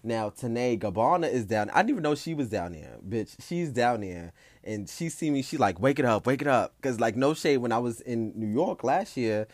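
Young man, 20s, dry close sound, animated and profane storyteller with ballroom slang. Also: medium pitch, moderate pace, hardly any pauses, no room sound. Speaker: ballroom competitor.

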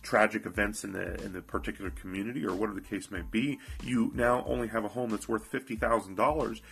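A financial educator gives an emphatic, motivational finance talk straight to viewers, repeating his key points. His voice is on the low side, a bit bright, with vocal fry, a fairly even intonation, and a quick pace. Faint music plays behind him.

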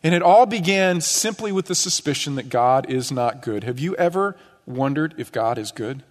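A middle-aged male pastor preaching an earnest sermon, pushing up on questions and sinking low on key phrases. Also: animated, moderate pace. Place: church sanctuary. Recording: long church reverb.

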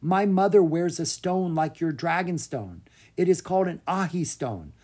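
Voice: mid-range voice, lively intonation, normal speed, a little mellow, voice pushed up, natural voice. A narrator voicing an earnest young girl in a children's storybook, who talks in a pleading way.

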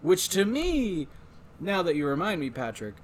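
Animated swearing man on a podcast. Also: sits high, normal speed, a little hiss or hum. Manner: animated, swears a lot, acts out voices. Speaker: podcast host. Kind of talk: casual movie podcast chat.

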